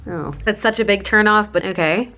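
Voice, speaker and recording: A woman's voice: medium pitch, moderate pace, bright, forceful tone. A young woman in her twenties telling a chatty storytime, full of likes and quoting people in put-on voices. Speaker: lifestyle vlogger. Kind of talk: casual storytime.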